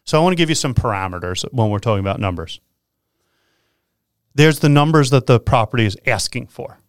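A man hosting a radio talk show, bursting with excitement and laughing easily as he explains things. His voice sits in a middle register, recorded close in a dry studio. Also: mid-range voice, no echo. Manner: energetic, animated, quick to laugh.

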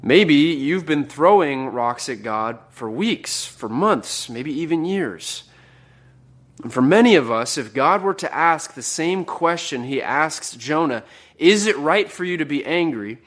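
A man preaching a sermon in an earnest voice, rising when he quotes an outburst and dropping to a hush on the heavy lines. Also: on the high side, expressive, a little slow.

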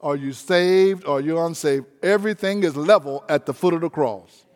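A man's voice: on the high side, normal speed, long reverb tail. A man preaching a sermon as pastor, folksy and emphatic, stretching out key phrases.

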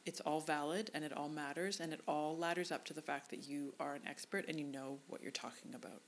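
A woman's voice: low-pitched, fairly even intonation, brisk, a little hiss or hum. Upbeat woman coaching wedding vendors. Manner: upbeat, emphatic, rattles off rhetorical questions. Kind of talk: instructional talk.

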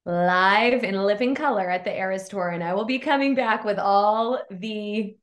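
A woman's voice: mid-range voice, echoey room. A woman co-hosting a casual podcast chat, bubbly and gushing, peppering her talk with "like". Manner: bubbly, gushing, fast-talking with lots of "like". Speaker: podcast co-host.

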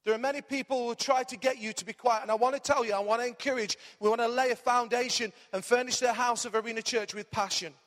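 A man preaching a lively sermon as pastor, his voice strained, calling the congregation to repeat words back. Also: extremely high pitch, fast, hardly any pauses, in a large hall. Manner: energetic, animated preaching with call-and-response.

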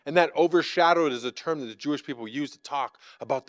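Male pastor, relaxed conversational sermon, somewhat high voice, dry close sound. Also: fast, no echo. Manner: casual, conversational preaching with many fillers; acts out quoted lines from scripture.

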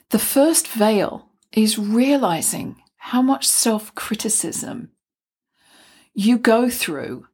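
A middle-aged woman giving a reflective talk on self-development, gentle and musing, sometimes acting out little asides. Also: medium pitch, slightly rough.

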